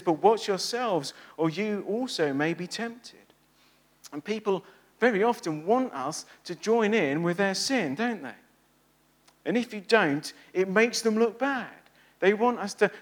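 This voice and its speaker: A man preaching a sermon, animated and asking his listeners rhetorical questions. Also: sits high.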